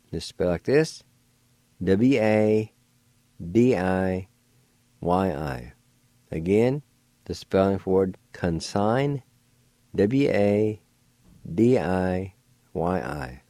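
A man teaching a spelling and pronunciation lesson, slow and careful, repeating each word. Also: deep voice, animated, warm tone, no echo. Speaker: language teacher and radio host.

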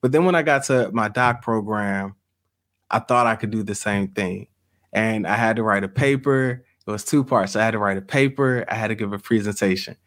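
A man's voice: on the low side, moderate pace, a bit bright. Man, middle-aged, casual host chat, laughs often, talks to the audience directly. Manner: storytelling, laughs often, addresses audience as y'all. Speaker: podcast host and author.

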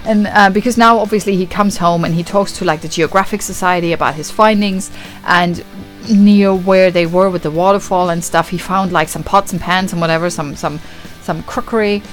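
A woman's voice: lowish voice, fairly even intonation, fairly quick, faint music behind. A woman hosting a podcast, casually recapping a film with lots of swearing and acted-out reactions. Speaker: podcast host. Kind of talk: casual film review chat.

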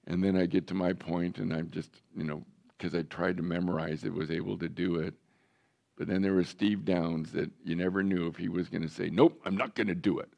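A man's voice: low-pitched, gravelly, darkish tone. A man in his seventies, a pastor, telling his own story in a candid, joking sermon. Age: 70s. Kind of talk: personal testimony sermon.

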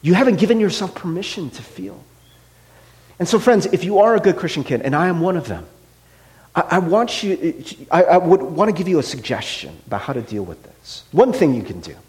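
Animated, chatty pastor, lively pitch. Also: male voice, brisk. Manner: conversational, animated, many "like" and "right?" fillers, acts out quotes. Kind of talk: casual sermon.

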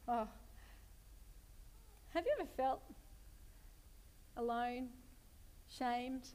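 A middle-aged woman preacher giving a sermon, retelling the story expressively and asking the congregation rhetorical questions. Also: sits high.

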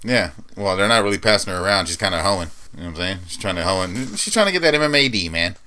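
A man's voice: low voice, lively intonation, fast talker, pushed and bright, clear, resonant tone. A man co-hosting a podcast, telling loose stories with laughs and swearing in casual chat. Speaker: podcast co-host. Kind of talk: casual chat about fighting sports.

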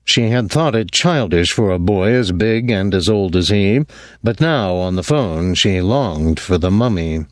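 A man narrating an audiobook in a measured, even way. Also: low voice, dry recording, studio quality.

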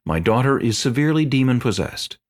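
A man's voice: medium pitch, animated, brisk, lightly acted. A man voicing a pleading adult mother in a dramatized scripture reading, with plain, unforced delivery.

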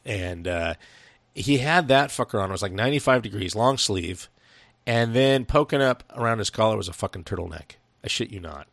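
A man with a low, gravelly voice co-hosting a podcast, telling long, profane, rambling stories in casual chat. He is from Washington state. The sound is dry and close. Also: lively intonation, fairly quick, a bit bright, no room sound. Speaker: podcast co-host. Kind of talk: casual chat about a film.

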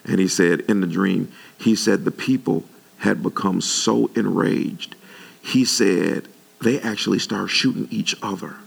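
Low gravelly pastor preaching, gets animated and jumps up high when fired up. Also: male voice, unhurried. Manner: animated preaching, pitch jumping up when worked up. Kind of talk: sermon.

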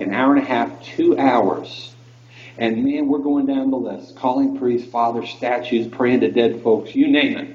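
A man giving a live talk to an audience about the faith, telling stories in an animated way and calling the crowd "folks.". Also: medium pitch. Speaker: Catholic speaker. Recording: echoey hall, dull lo-fi sound.

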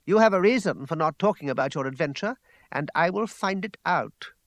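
Brief: man doing a passionate young lady, raised pitch, lively and forceful, dry close read. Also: a little fast, dry recording. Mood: challenging. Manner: higher, louder, emphatic delivery. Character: young woman, passionate and imperious.

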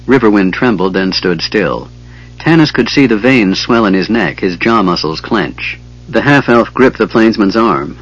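Male narrator, low husky voice, measured dramatic fantasy storytelling, dull lo-fi recording. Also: animated, faint music behind. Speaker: audiobook narrator. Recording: dull lo-fi audiobook audio.

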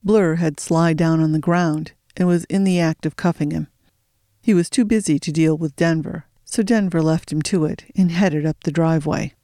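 Steady, mellow audiobook narrator. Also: medium pitch, dry recording, studio quality. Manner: steady storytelling, slowing for suspense.

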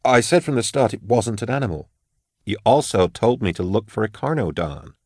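A man voicing a quiet, awkward, melancholy male scientist who speaks in a soft, reserved and precise way. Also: on the low side, lively intonation, normal speed, slightly rough, dry recording, studio quality.

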